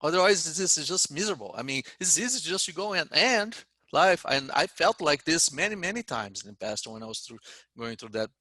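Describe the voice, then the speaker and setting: A man's voice: a little high, expressive, fairly quick, sharp tone, no room sound. A middle-aged man with a foreign accent gives a blunt, rambling motivational talk to his trading group, often restarting his sentences. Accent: foreign-accented English. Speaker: head day trader.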